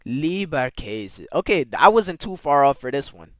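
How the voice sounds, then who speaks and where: A man's voice: on the high side, lively intonation, brisk, dry recording. A man streaming live, chatting casually with his viewers and playfully sounding out foreign words. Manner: talks to chat with slangy asides.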